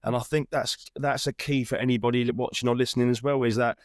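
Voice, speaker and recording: A man's voice: medium pitch, fairly even intonation, fast, no room sound, clean studio sound. A man hosting an interview podcast, talking in an earnest, encouraging way and often restarting his sentences. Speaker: podcast host. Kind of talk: reflective interview chat.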